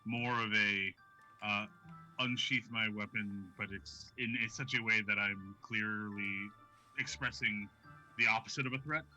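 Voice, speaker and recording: Bright, low-pitched male player. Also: steady tone, soft background music. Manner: halting, weighing each word. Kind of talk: tabletop role-play.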